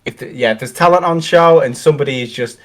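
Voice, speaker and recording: A man's voice: medium pitch, fast talker. Rambling middle-aged man. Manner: rambling, many restarts and ums, reflective. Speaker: co-host. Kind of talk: casual chat.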